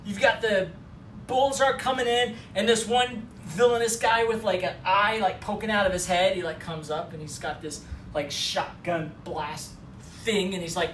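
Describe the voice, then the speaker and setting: A man co-hosting a film talk, excitedly retelling a movie scene and acting out the lines, recorded at a distance in an echoey space. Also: high voice, moderate pace, a little hiss or hum. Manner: animated retelling, acting out quotes. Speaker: co-host. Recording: roomy echo, far from mic.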